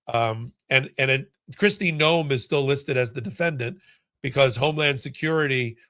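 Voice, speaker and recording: Gravelly-voiced man hosting a live stream. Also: medium pitch, fairly bright tone, no room sound, studio quality. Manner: conversational, reads viewer comments aloud, many restarts. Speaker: legal commentary host. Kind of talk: casual live-stream commentary.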